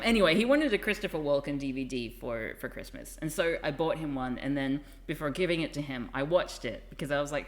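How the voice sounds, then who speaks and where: A woman streamer chatting casually and rambling with asides. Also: deep voice. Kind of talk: casual live-stream chat.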